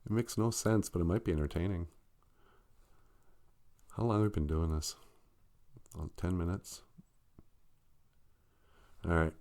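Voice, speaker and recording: A man with a lowish voice hosts a show, talking in an unhurried, rambling way. He gets emotional, laughs often and lets his sentences trail off. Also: darkish tone. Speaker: show host. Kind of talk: rambling personal talk.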